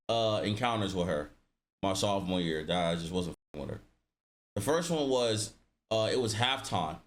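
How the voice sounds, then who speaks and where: A young man tells a story to his stream chat in a relaxed, rambling way. He talks in a middle-pitched voice, throws in slang and fillers, and acts out what people said as he goes. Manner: loose and animated, heavy slang and fillers, quotes people in voices.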